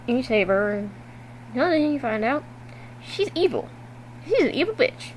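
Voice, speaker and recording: Woman ranting about a game into her webcam, lots of swearing, slightly high voice, faint hiss. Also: poor audio. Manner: animated, swears freely, exasperated asides. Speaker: gaming vlogger. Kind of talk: casual game recap to camera.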